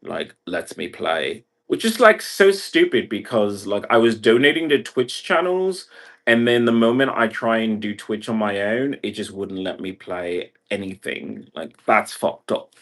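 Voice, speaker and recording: A man's voice: lowish voice, animated, a little slow, a bit bright. A man from Brazil talking in a meandering livestream monologue, packing nearly every phrase with "like" and other fillers. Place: indoor room.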